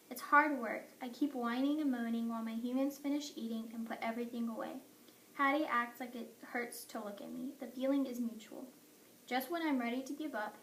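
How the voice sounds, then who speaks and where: A woman reading a children's story aloud with a lively, expressive delivery, in an echoey room away from the mic. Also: a little high, recorded from a distance, slight background noise. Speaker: audiobook narrator. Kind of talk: storybook narration in a dog's voice.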